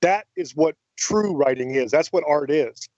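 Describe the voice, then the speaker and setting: A man's voice: a little high, lively intonation, measured pace, a little mellow, no echo. A man hosting a radio interview, speaking emphatically and enthusiastically, swearing casually. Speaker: radio show host. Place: radio studio. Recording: dry, muffled radio audio.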